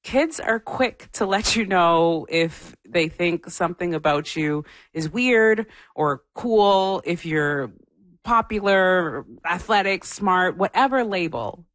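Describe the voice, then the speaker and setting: A woman co-hosting a podcast interview, asking reflective, gently probing questions. She speaks in a relaxed, conversational way. Her voice sounds close and dry. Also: on the low side, slow, no echo. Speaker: podcast co-host.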